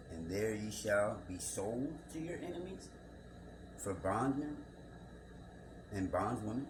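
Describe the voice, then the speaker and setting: A man reading a scripture passage aloud and musing over it, asking rhetorical questions and repeating his words. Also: fairly low pitch. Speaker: scripture commentator. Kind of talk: reflective bible commentary monologue. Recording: echoey room with background noise.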